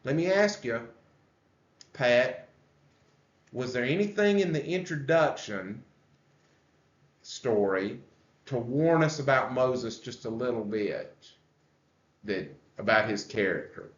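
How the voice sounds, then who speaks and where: A man teaches a church Bible study at a slow, deliberate pace. He stops often to ask the group questions. The recording sounds roomy and a little muffled. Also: mid-range voice. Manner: unhurried, explains and asks the group questions. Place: church room. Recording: echoey room, dull lo-fi sound.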